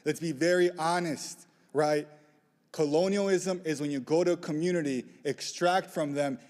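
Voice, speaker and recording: A man's voice: fairly high pitch, a little mellow. Playful young man rallying a hall. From southeast side of Chicago. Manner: playful, rallying crowd call-and-response. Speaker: community organizer speaker. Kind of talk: lightning talk to a live audience. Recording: reverberant hall, live talk.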